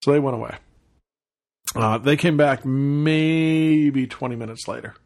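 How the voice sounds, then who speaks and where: A man hosting a podcast, telling a casual anecdote in an animated way, acting out the people he quotes and chuckling often. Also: mid-range voice, a little slow. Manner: chuckles often while talking. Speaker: podcast host.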